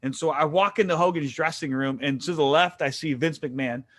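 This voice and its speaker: A man from the Detroit area telling lively, stammering stories as an interview guest. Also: a little high, brisk, no room sound, studio quality. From Detroit area, USA. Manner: animated, excited, frequent stammered restarts. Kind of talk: casual storytelling.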